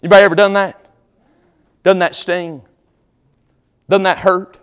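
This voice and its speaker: A man preaching in a church, ringing out scripture in a loud voice and then turning to folksy, conversational talk with the congregation. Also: high voice, flat delivery, a little slow, pauses often, clean tone. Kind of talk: sermon with altar call. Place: church sanctuary.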